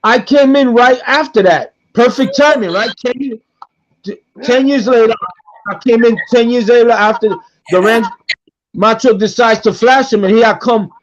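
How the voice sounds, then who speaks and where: Animated high-voiced man telling a story. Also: normal speed, slight background noise. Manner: animated, acts out quoted voices, repeats himself. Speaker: guest storyteller. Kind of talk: casual podcast storytelling. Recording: dull lo-fi podcast audio.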